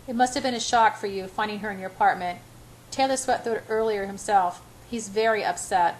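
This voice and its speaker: A woman voicing a brooding, intense young man in an amateur audiobook reading, murmuring his lines softly. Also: medium pitch, brisk, a little hiss or hum, close to an everyday voice, rough recording. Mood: somber. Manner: soft, murmured delivery.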